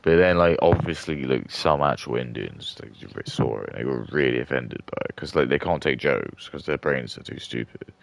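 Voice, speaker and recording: A man's voice: very deep voice, normal speed, gravelly, few pauses. A man streaming and ranting in casual commentary, rambling with many filler words and restarts.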